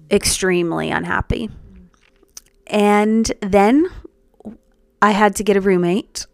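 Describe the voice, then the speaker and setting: A young woman telling her personal story as a podcast guest, earnest and reflective, in a soft-spoken way. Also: mid-range voice, clear, resonant tone, dry recording, clean studio sound.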